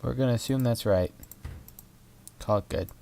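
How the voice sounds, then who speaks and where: A man streaming a video game, slowly muttering to himself while working through puzzles. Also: medium pitch, gravelly, dark tone, slight background noise. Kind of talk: casual live-stream commentary.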